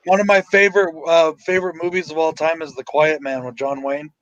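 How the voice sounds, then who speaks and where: A man's voice: fairly high pitch, flat delivery, fairly quick, fairly bright tone, muffled recording. An American man in casual chat, joking and swearing, laughing at his own jokes. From United States.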